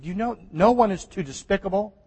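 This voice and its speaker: A man pastor preaching a sermon in a conversational way, with restarts and soft laughs, recorded in a church. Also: high voice, brisk, husky. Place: church sanctuary. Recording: church hall reverb.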